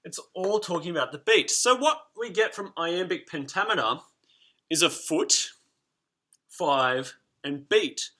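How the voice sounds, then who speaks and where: A young teacher talks his class through a lesson in a chatty, teasing way, beating out rhythms as he goes. His voice is bright and forward and sits a little high for a man. The delivery is relaxed and friendly throughout. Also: measured pace.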